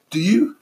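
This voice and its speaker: A man co-hosting a podcast in casual chat, animated and slangy, his voice jumping up when he gets worked up. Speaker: podcast co-host.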